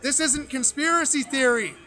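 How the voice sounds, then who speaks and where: A man giving a loud, emphatic political speech outdoors on a street, his voice strained. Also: extremely high pitch, moderate pace. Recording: crowd noise behind an outdoor stream.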